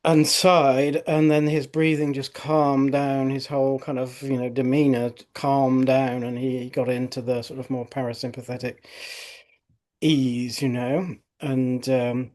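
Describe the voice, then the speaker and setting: A man's voice: mid-range voice, little pitch movement, unhurried, a little mellow. A man in his fifties, an osteopath, telling a case story in an interview, rambling with many fillers and restarts. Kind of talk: interview anecdote.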